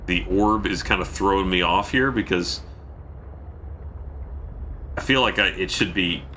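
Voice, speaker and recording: A man's voice: deep voice, measured pace, bright, forceful tone, slight background noise. A man chatting casually through a gameplay stream from home, keeping his voice down, thanking viewers and letting out sudden yelps.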